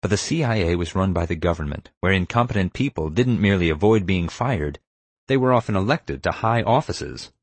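Male audiobook narrator, deep husky voice, wry deadpan storytelling. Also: a little fast, no echo. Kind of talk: scripted first-person audiobook narration.

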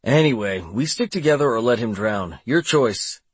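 A man's voice: mid-range voice, expressive, normal speed, husky, no echo. A man narrating an audiobook voices a friendly, stubborn young woman who coaxes and insists. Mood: insistent. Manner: coaxing, insistent.

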